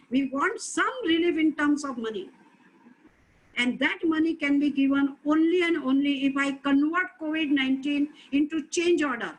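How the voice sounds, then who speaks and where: A woman's voice: sits high, normal speed, poor audio. A middle-aged woman giving a lecture, earnest and emphatic, stressing key points with repetition.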